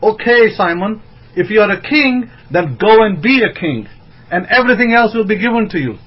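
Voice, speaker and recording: A man voicing a calm, wise male teacher who questions a disciple, in a slightly raised preaching tone. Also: high voice, moderate pace, pitched above the performer's own voice. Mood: instructing. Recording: dull lo-fi recording.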